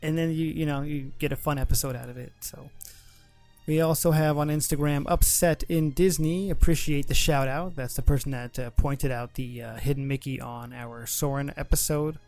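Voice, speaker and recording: Chatty podcast host man, slightly high voice. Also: fairly even intonation, normal speed, darkish tone, faint music behind. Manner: chatty, laughs often, many restarts. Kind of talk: casual chat.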